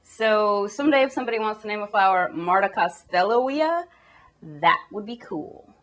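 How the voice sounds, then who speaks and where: A woman's voice: mid-range voice, expressive, moderate pace. A young woman hosting a comedic news recap in a goofy, sarcastic way. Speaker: news host.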